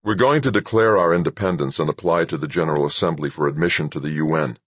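A tense moon colony chief who gives firm, clipped answers, voiced by a male narrator. The voice is extremely low and husky. It sounds dry and close to the mic. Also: fast talker, no room sound.

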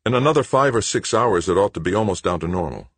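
A man voicing a male communications technician in a storybook reading, quick and matter-of-fact. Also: sits low, expressive, breathy edge, no echo, pitched above the performer's own voice, full character voice. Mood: reassuring.

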